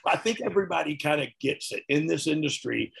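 Gravelly man, candid and folksy. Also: on the high side, expressive, brisk, fairly bright tone. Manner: earnest, folksy, frequent "you know what I mean". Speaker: guest, retired wrestler. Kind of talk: candid interview talk.

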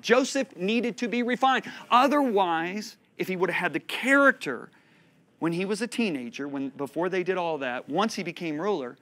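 Expressive preacher man in his fifties. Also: sits high, normal speed. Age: 50s. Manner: storytelling, expressive, swings between loud and hushed. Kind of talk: sermon teaching.

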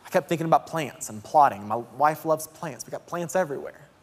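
A man in his thirties preaching in a church, telling a story with deep emotion and shouting out his kids' voices. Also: expressive, a little fast. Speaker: pastor. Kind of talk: sermon. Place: church sanctuary. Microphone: handheld mic. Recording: long hall reverb in a church.

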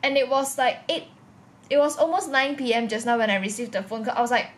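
A woman's voice: a little high, steady tone, fast talker. A young woman with a Malaysian English accent, chatting expressively in a casual vlog and telling stories with lots of "like" fillers. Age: young adult. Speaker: vlogger.

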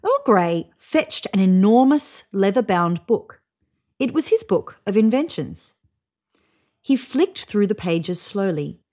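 A woman reading a children's picture book aloud in an expressive storytelling manner. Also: medium pitch, takes it slowly. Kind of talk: read-aloud storybook narration.

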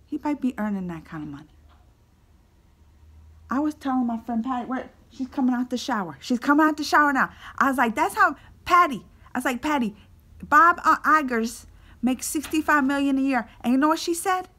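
A woman vlogger telling a story with lively energy, swinging between excited shouts and whispered asides and acting out her own lines in quotes. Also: high-pitched, fairly quick. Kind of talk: animated reaction storytelling.

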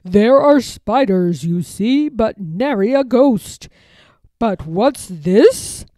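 A greedy, pompous storybook lord, as a woman reader puts him on, who booms his words and drags out his exclamations. He sounds loud against the narration and a little set back from the mic. The recording is dry and close. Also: expressive, slow, dry recording. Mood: gloating. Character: greedy pompous English lord, adult man.

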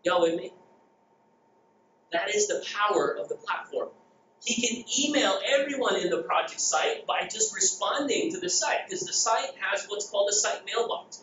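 A middle-aged man from the Philippines giving a jokey, energetic conference talk and asking the crowd questions. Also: high-pitched, a little hiss or hum. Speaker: conference speaker. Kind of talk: keynote presentation. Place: conference hall. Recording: echoey dull hall recording.

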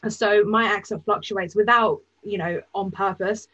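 A woman's voice: mid-range voice, steady tone, measured pace, a bit bright, slightly rough, muffled recording. A woman with an East London accent that slides toward RP, speaking bluntly and with self-assurance in a panel discussion. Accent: East London, shifting toward RP.

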